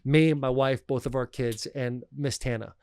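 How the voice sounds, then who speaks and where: A man hosting a podcast, telling a family travel story in a loose, animated way and often calling people "dude". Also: medium pitch, normal speed, smooth, dry recording. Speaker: podcast host. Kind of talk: casual storytelling chat.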